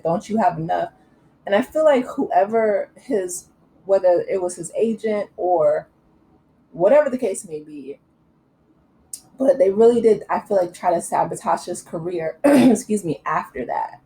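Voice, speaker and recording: A woman talking to her channel in a loose, opinionated way, full of fillers and side remarks. Her voice is mellow and rounded, sitting at an ordinary middle pitch. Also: poor audio. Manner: chatty and opinionated, many fillers and asides. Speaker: channel host. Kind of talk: casual commentary vlog.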